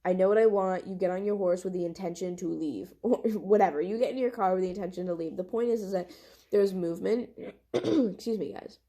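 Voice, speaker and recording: A young woman doing a casual tarot reading to camera, excitable and gushing, with lots of "like". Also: on the low side, fairly quick. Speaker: tarot reader.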